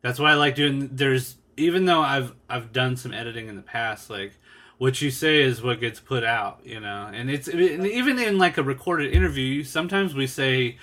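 Male podcast host, bright, relaxed chatty delivery, interviewing over a video call. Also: mid-range voice, moderate pace. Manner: relaxed, laid-back, uses "like" and "you know" often. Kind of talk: casual interview chat.

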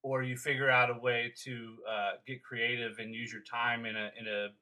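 A man's voice: mid-range voice, level tone, moderate pace, sharp tone, rough recording. A man hosting a podcast, talking in a friendly, chatty way with lots of restarts. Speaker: podcast host. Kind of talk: casual interview chat.

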